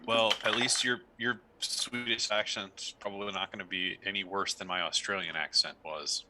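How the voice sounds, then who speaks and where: A man's voice: fairly low pitch, steady tone, normal speed, noisy background. A man, a player, chatting and teasing at a tabletop game session. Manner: laughing, teasing. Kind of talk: casual chat at a game table.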